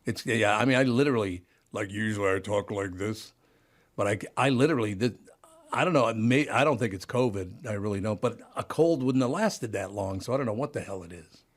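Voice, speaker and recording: A man hosting a casual radio talk show, joking and teasing his guests, his voice a little higher than usual from lingering throat trouble. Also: fast talker. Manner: joking, teasing, laughs often.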